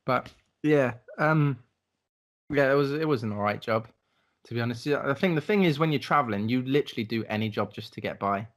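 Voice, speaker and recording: A young man co-hosting a podcast, telling travel stories in a relaxed, rambling way with casual swearing. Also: medium pitch, fairly quick. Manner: laid-back storytelling, swearing, acts out voices. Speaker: podcast co-host. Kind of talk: casual chat.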